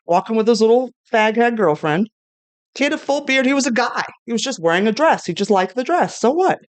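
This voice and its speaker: A middle-aged woman rants bluntly, swearing freely as she chats on a podcast. Her voice is smooth and clear, at an ordinary pitch. She talks like a seasoned stand-up. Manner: blunt, profane, ranting. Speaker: comedian guest. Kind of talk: casual podcast chat.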